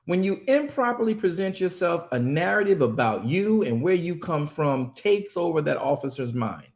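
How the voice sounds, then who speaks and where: With a fairly high, sing-song voice, this man hosts a talk show and preaches on it, stretching words out for stress, speaking emphatically and quoting other voices as a host and minister.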